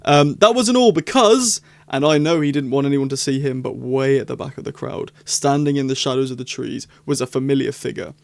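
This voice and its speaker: A young adult man chatting through a casual commentary vlog, excitable and rambling. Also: mid-range voice, a little fast, creaky, few pauses, no echo. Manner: excitable, rambling, animated reactions. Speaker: YouTuber.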